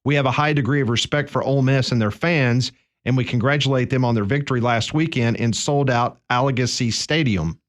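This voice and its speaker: Male sports radio host, conversational, explains the story, mid pitch. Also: fairly quick.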